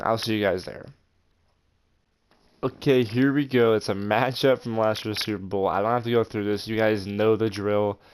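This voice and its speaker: Excitable young man commenting on gameplay. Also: on the low side, clean tone. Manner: excitable, frustrated outbursts. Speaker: gaming channel host. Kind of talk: game commentary. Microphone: voice-over over gameplay.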